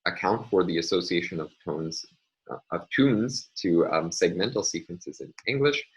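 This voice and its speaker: A man's voice: deep voice, animated, normal speed, rough recording. A man giving a recorded linguistics lecture, explaining step by step with frequent ums and uhs as he annotates on screen.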